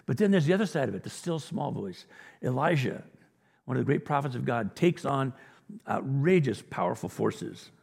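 Gravelly, earnest preacher in a reverberant hall. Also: male voice, medium pitch, a little mellow. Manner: earnest, conversational preaching with emphatic rises. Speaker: pastor. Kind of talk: sermon. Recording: reverberant hall, audio recording.

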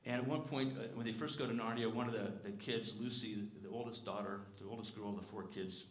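A man preaching a sermon as pastor, earnest and emphatic, dropping soft and low on tender lines and telling stories with lively quoted voices. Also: fast talker. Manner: lively storytelling, putting on character voices in quotes. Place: church sanctuary. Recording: echoey church sanctuary with faint room noise.

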